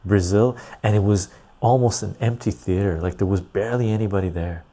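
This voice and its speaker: A man's voice: lowish voice, steady tone, brisk, mellow. A man hosting a casual livestream, reading chat aloud and rambling loosely. He sounds tired and laughs easily.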